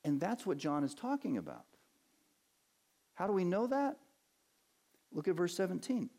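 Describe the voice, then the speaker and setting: A man preaching a sermon as pastor. He poses questions to his listeners and answers them, drawing out key words and climbing higher and stronger when he drives a point home. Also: very animated, creaky, warm tone. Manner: earnest preaching, rising in pitch and force for emphasis, slows on key words.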